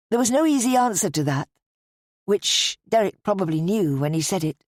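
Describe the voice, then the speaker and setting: An audiobook narrator with a voice on the low side reads scripted narration in a measured, even storytelling style. The studio-quality recording has no echo.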